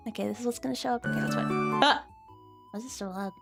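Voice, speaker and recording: A woman's voice: on the high side, fast talker, gravelly, over loud music. A woman streamer chatting casually on a livestream, laughing often, swearing and mocking herself. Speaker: VTuber streamer.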